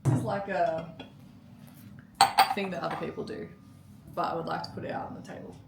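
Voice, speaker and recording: A young woman chats wryly about her day in a home vlog, her voice low with a gravelly edge. The camera sits some way off in an echoey room, and a loud hiss runs under everything. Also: steady tone. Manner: chatty, wry, talks fast with many likes. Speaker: vlogger. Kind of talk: casual chat. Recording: echoey room, far mic, loud noise.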